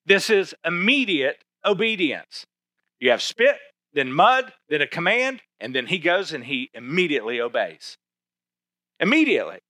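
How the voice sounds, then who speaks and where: A man preaching a sermon as pastor, slowing down to stress key words. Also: fairly high pitch, very animated, bright, forceful tone, dry recording. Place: church sanctuary.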